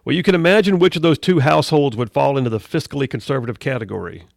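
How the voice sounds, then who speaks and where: A middle-aged male radio host with a gravelly, creaky voice gives a folksy studio monologue, talking conversationally and drifting into preachy asides. The sound is dry and close, with no room around him. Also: mid-range voice, quick pace, dry recording.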